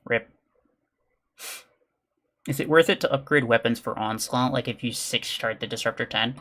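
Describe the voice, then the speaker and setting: A man's voice: medium pitch, moderate pace, sharp tone. Chatty male gaming streamer. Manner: chatty, reads and answers chat, mutters during play. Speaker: gaming livestreamer. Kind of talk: casual live-stream chat while playing.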